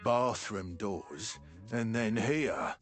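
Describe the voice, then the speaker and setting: A video game's chatty talking door: deep voice, jokey, courteous, over soft game music. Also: male voice, lively intonation, extremely slow. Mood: jovial. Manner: jokey, polite, theatrical.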